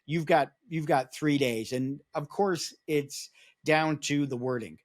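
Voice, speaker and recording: A man's voice: fairly high pitch, unhurried. Man explaining at length on a podcast. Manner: explains at length in a conversational, storytelling way. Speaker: podcast guest, security awareness advocate. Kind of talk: podcast interview.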